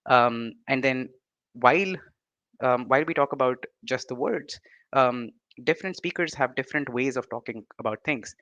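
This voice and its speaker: A young man with an Indian English accent presents an online lecture in a mid-range, pushed and bright voice, recorded without echo and with the highs cut off. His delivery is halting, packed with fillers and restarts, and he often ends points by asking "right?"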